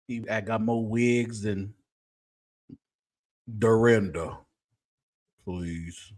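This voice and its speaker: With a lowish voice and darkish tone, a man hosts late-night gossip commentary on a livestream. He chats and teases his viewers directly, dragging out his exclamations.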